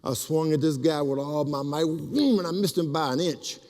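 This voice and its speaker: An older man telling animated stories at a speaking event, acting out the voices in his quotes. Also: on the high side, normal speed. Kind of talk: storytelling speech. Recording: reverberant hall.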